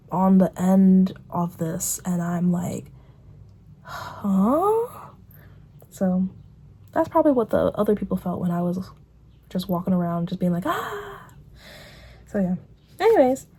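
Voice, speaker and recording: A woman's voice: medium pitch, expressive, normal speed, dark tone, husky. A young woman vlogging casually, rambling through a catch-up and quoting herself with put-on voices.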